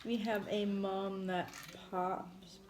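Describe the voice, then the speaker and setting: A woman's voice: medium pitch, level tone, slow pace, heavy background noise. Woman just chatting on an eating stream, tells stories, swears a bunch, middle voice. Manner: chatty storyteller, swears casually, laughs often. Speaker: mukbang host. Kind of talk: casual chat while eating.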